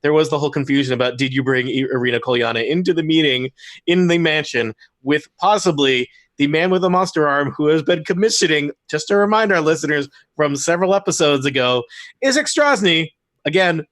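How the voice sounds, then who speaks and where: Game master, male, slightly high voice, chatty and rambling, dry mic. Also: a little fast, fairly bright tone, no echo. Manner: rambling, laughing, self-correcting. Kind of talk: running a tabletop game, casual banter.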